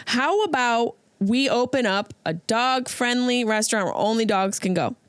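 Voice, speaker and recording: A woman's voice: on the high side, expressive, normal speed, smooth, dry recording. A woman comedian hosting her podcast, riffing through a comedic monologue and slipping into silly voices.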